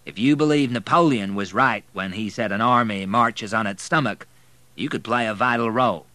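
A man reading aloud, voicing an energetic, commanding male American army general in a raised voice. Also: lowish voice, normal speed, no room sound.

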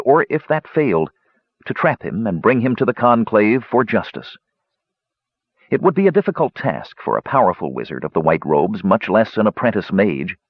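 A man narrating a fantasy audiobook with an expressive, varied delivery. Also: fairly low pitch, husky, no room sound, lo-fi sound.

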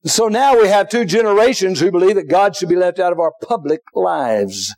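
A man preaching a sermon in a church, dropping to a hush and then rising to shouts, with folksy asides to the congregation. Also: high-pitched, animated, moderate pace, few pauses. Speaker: pastor. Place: church sanctuary.

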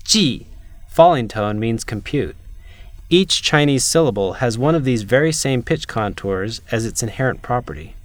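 A man narrating a language lesson from a script, with measured, clear enunciation and demonstrated intonations. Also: mid-range voice, expressive, dry recording.

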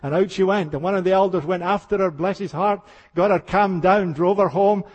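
An older man preaches with a high, ringing voice that fills a large hall with long reverb. His revival sermon flows as passionate storytelling, sinking to near-hushed tones before rising into fervent exclamations. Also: a little fast, dull audio.

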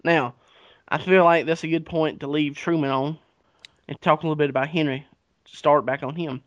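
A man with a fairly high voice retells history in a casual, profane way, slipping into the voices of kings and countries. The recording sounds muffled and lo-fi, with no room sound. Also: normal speed, no room sound. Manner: profane, animated storytelling with acted-out dialogue. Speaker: podcast co-host. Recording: dull lo-fi recording.

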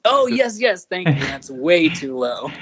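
A man's voice: on the high side, sing-song, a little slow, crowd noise. A man co-hosting a podcast in casual chat, a giggly, rambling storyteller. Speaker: podcast co-host.

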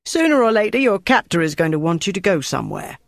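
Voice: mid-range voice, big pitch swings, fast, gravelly, dry recording, studio quality, voice pushed up. An audiobook reader voicing a tough, showy male self-defense instructor who gives commanding instructions.

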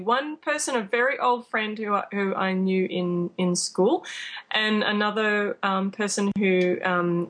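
A woman telling a story in casual chat, animated and laughing, acting out what people said. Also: mid-range voice. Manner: animated, acts out quotes, laughs often.

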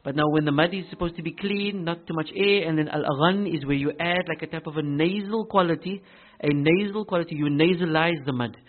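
A man's voice: fairly high pitch, a little fast. Man teaching Quran recitation, thin phone sound. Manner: explanatory, restarts often, pronounces Arabic terms carefully. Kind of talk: explaining a tajweed text in a class. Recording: tinny phone-like recording.

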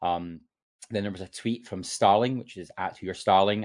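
A man's voice: low voice, steady tone, normal speed. A man co-hosting a podcast, chatting casually and reading news aloud with many fillers. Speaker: podcast co-host.

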